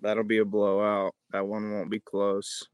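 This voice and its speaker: A man's voice: on the low side, completely flat delivery, measured pace, background noise. A male podcast co-host in a casual sports chat, hedging and thinking aloud.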